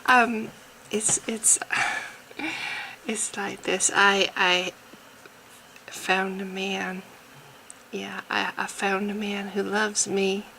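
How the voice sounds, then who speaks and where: A woman voicing a naive, devoted woman eager to please her man, in a strained put-on Southern accent, halting and hesitant with breathy sighs. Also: level tone, bright, forceful tone, slight background noise, exaggerated voice, rough recording. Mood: earnest. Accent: put-on, strained Southern American. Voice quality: gravelly, lowish voice. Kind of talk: satirical character monologue.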